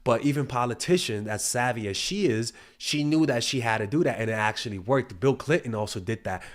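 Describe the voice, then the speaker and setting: A man's voice: mid-range voice, brisk. A young man talking as a dating coach in a casual, rambling monologue, swearing freely and restarting his sentences often. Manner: rambling, profane, many restarts.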